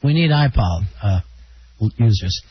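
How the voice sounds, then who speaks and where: A man hosting a call-in radio show, teasing callers with quick jokes. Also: mid-range voice, lively intonation. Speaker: radio host. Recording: dull lo-fi radio broadcast with faint hiss.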